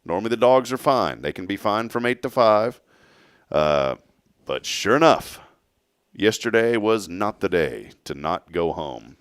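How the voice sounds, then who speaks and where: A man's voice: on the low side, big pitch swings, unhurried, clear, resonant tone, no room sound, clean studio sound. A man hosting a morning show, telling a rambling story and laughing along. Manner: storytelling, laughs at his own jokes, mimics voices. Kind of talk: casual chat.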